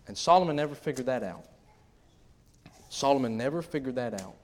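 A man's voice: medium pitch, expressive, a little fast. A middle-aged man preaching a sermon in a humorous, conversational way, acting out little scenes from married life. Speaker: pastor.

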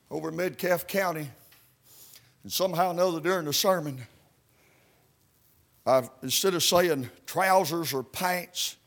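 A high-voiced man preaches a fervent revival sermon in a Baptist church, scattering "uh, uh" through his delivery as he builds toward shouting.

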